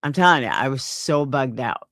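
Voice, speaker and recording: A woman's voice: very deep voice, expressive, normal speed, fairly bright tone, no room sound, clean studio sound. A middle-aged woman hosting a livestream, telling a story in casual chat and swearing a lot. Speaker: livestream host.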